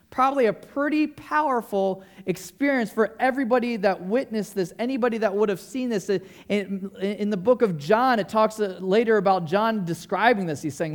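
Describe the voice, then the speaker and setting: A man's voice: high voice, normal speed. A male pastor preaching a sermon to his congregation in a casual, enthusiastic way, often asking the listeners questions. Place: church service.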